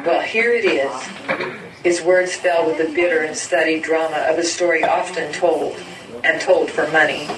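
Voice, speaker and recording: A woman reading a story aloud in a slow, deliberate way. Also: low-pitched, flat delivery, roomy sound, recorded from a distance, crowd noise, low-quality recording. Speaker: story reader.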